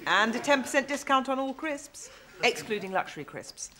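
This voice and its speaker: A woman's voice: on the high side, very animated, normal speed, heavy background noise. A woman playing a pampered young bride-to-be who bargains and pleads. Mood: pleading.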